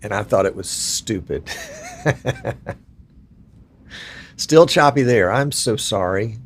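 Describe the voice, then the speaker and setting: A man in his sixties from Virginia hosts a casual live stream, speaking slowly and expressively in a fairly low voice. He chats with viewers in a folksy, chatty, self-deprecating way.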